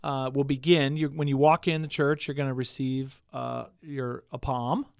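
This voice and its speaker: A man's voice: medium pitch, level tone, moderate pace, creaky, a little mellow, clear, resonant tone. A male priest with a mid-range voice explains church rituals in an eager, conversational way. The sound is dry and close, with no echo. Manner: enthusiastic explainer. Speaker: pastor.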